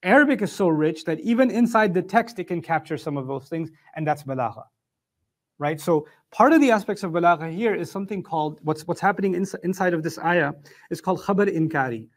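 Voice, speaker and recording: A man with a fairly high voice delivers a religious lecture, explaining his points with animated emphasis. His talk is conversational yet forceful, and he builds each point step by step. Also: a little fast. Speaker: Quran lecturer.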